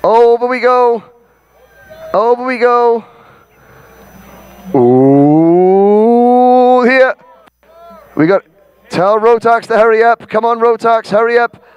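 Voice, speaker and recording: A Welsh man from Wales hosting an event, directing a crowd with bossy jokes and shouting out names. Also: extremely high pitch, takes it slowly, pauses often, smooth, muffled recording. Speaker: event host. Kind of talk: directing a crowd and calling a roll.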